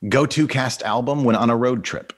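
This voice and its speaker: A man hosting an interview, upbeat and quick to laugh, running a rapid-fire question round. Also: mid-range voice. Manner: upbeat, laughs often, brisk quiz questions. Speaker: podcast host. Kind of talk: casual interview.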